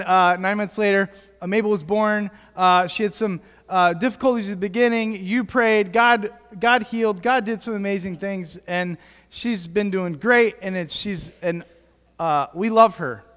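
A young pastor with a strikingly high voice tells a story in a relaxed, rambling way, leaning on fillers and false starts. His sermon rings out with a long reverb from the church sanctuary. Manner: casual storytelling with many fillers.

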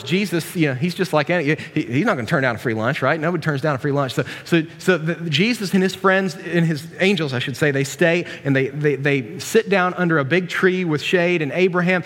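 A man's voice: fairly high pitch, a little fast, hardly any pauses, a bit bright. A man preaching a casual, joking sermon, folksy and full of asides and restarts, in a church hall.

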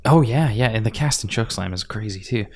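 A male podcast host with a lowish voice asks a guest about filmmaking. He talks in a halting, casual way, often restarting mid-question. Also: expressive.

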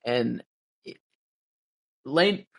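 A man chatting casually about a TV show, halting and searching for words with many "like"s. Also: mid-range voice, lively intonation, vocal fry. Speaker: podcast co-host. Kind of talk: casual TV recap chat.

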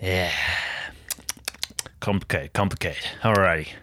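A man's voice: low voice, measured pace, sharp tone, voice pushed down. A man voicing a chatty older father who rambles, grumbles and stumbles over his words.

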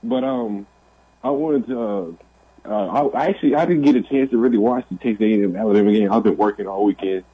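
Husky, deep-voiced male caller. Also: fast talker, no echo, phone-quality sound. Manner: hesitant, with many fillers. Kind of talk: casual call-in talk.

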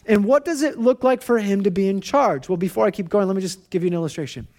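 A man in his thirties, a pastor, giving a conversational sermon and telling personal stories in an animated way. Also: sits high, fast talker.

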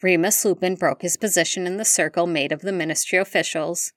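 A woman reading fan fiction aloud in steady, even narration. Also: fairly low pitch, brisk, no room sound, clean studio sound. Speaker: audiobook reader.

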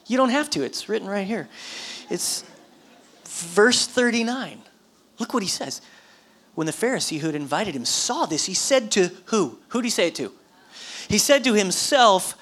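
A woman preacher delivers a sermon with mid-range pitch. She retells a scripture scene with lively, animated storytelling. She often turns to the congregation with prompts and questions. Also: normal speed.

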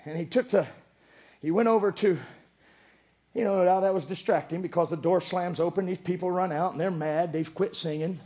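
A man preaching a sermon, moving between low storytelling and shouted exhortation. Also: moderate pace.

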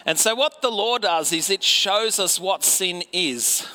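A man's voice: high-pitched, unhurried, bright, forceful tone. A man preaching a sermon in a conversational way, often putting rhetorical questions to his listeners.

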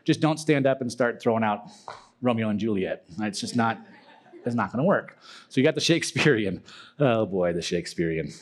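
A man's voice: mid-range voice, a little fast. Young guy youth pastor, jokey casual teaching, goofs around with silly voices. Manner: joking, self-deprecating, acts out silly prayer voices.

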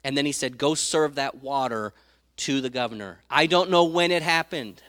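Animated male preacher telling Bible stories. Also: mid-range voice, moderate pace, dry recording, clean studio sound. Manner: animated storytelling, acts out quoted speakers; reads scripture aloud in old-fashioned wording. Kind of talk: sermon.

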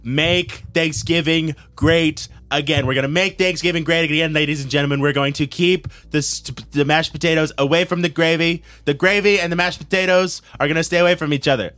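A man's voice: fairly high pitch, fairly even intonation, brisk, few pauses, a bit bright, no room sound, soft background music, natural voice. A man doing a blustering, boastful politician impression in a Brooklyn accent, piling up superlatives and repeating himself. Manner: bragging, repetitive superlatives.

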